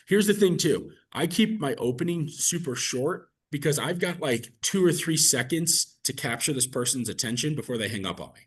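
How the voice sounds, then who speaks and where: Husky male sales coach, conversational and upbeat, mid-pitched. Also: normal speed, hardly any pauses. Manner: energetic, conversational, fillers like "like" and "right?". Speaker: real estate coach. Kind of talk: coaching session with role-play practice.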